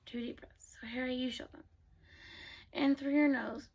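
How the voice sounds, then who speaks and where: Woman, bedtime storyteller, soft, often whispering, husky, gravelly. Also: high-pitched, steady tone, normal speed.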